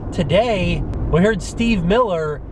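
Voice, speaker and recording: A man's voice: high-pitched, takes it slowly, background noise. A man, around his thirties, chatting casually and jokily to his vlog camera. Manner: chatty, animated and jokey. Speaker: vlogger.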